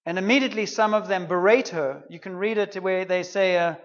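A man's voice: sits high, brisk, dull audio. A man preaching a sermon, retelling a story in an earnest, conversational way.

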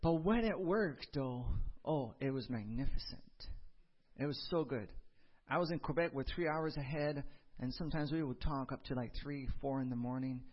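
A young man preaching a sermon, telling personal stories and acting out the dialogue with lively energy. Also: medium pitch, moderate pace, muffled recording. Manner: animated storyteller acting out dialogue. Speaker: pastor.

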